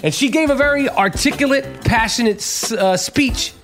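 Very high-pitched, foul-mouthed New man. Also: moderate pace, over music. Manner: swears heavily and shouts in bursts. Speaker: podcast host. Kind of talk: profane, animated podcast rant.

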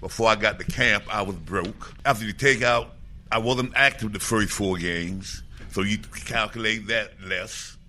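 An older man, a former football player, recalling his early career in a panel interview, with measured storytelling and the odd laugh. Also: on the low side, bright, forceful tone, a little hiss or hum. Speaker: former lineman, guest.

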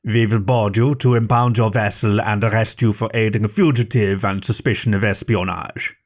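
A man voicing a harsh male security agent who gives slow commands in a heavy accent. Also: lowish voice, fairly even intonation. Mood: stern commanding.

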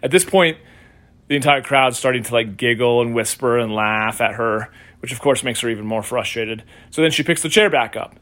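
A man's voice: medium pitch, moderate pace, a bit bright. Man hosting a casual solo podcast. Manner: conversational storytelling, acts out quoted voices. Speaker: podcast host and coach.

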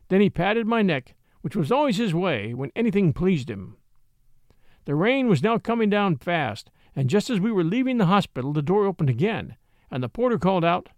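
Lively male audiobook narrator. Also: high voice, normal speed, no room sound. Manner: lively, expressive storytelling. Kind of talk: scripted narration. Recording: dry close recording.

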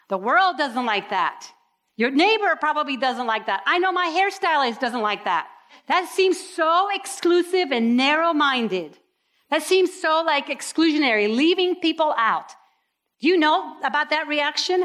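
A woman preaching a sermon in an animated way, acting out people's reactions with sudden leaps in her voice. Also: sits high, unhurried.

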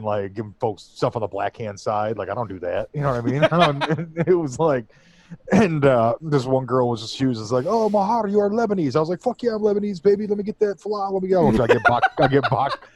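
A man hosting a podcast, telling stories in loose, profane casual chat and laughing often. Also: fairly low pitch. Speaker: podcast host.

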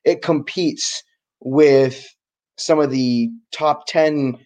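A man's voice: fairly high pitch, steady tone, drawn-out words, darkish tone. A man co-hosting a podcast, talking soccer in a casual, enthusiastic, rambling way. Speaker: podcast co-host.

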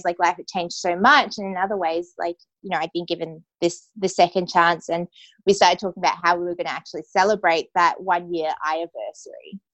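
A woman's voice: on the low side, fairly bright tone, no echo, dull audio. A young adult woman telling a personal story as an interview guest, casual and full of "like" and "you know". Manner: casual, heavy use of "like" and "you know" fillers.

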